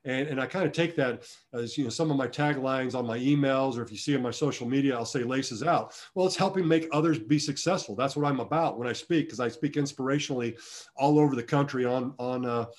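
A man's voice: mid-range voice, fast talker. A middle-aged man, a former football long snapper, answering interview questions in a rambling, self-deprecating way with many restarts. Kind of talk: conversational storytelling interview.

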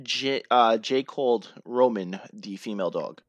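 A man's voice: mid-range voice, measured pace, no room sound. A man co-hosting a casual wrestling recap chat who laughs often and acts out the wrestlers' lines. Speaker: podcast co-host.

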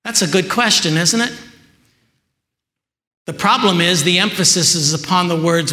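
High-voiced guy preaching slow, bright sound, big echoey church hall. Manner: slow, emphatic preaching with rising rhetorical questions. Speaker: pastor. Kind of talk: sermon. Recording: echoey hall with long reverb.

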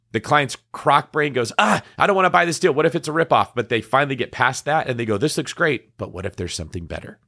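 A middle-aged man with a fairly low voice talks business in a relaxed, conversational way. He keeps acting out the reactions of the people he describes. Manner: animated, acts out quoted reactions. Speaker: podcast co-host. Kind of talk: casual business chat.

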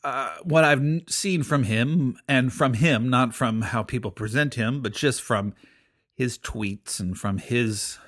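A man's voice: mid-range voice, slow, a bit bright, dry recording, studio quality. A man hosting a talk show, telling stories in a conversational, self-deprecating way with plenty of fillers. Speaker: podcast host. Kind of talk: casual spoken commentary.

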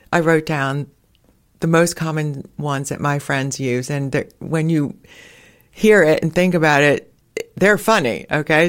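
A low-pitched woman hosting a podcast in an easy, chatty storytelling mode. She laughs often while telling her anecdotes. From United States. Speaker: podcast host. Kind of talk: casual storytelling monologue.

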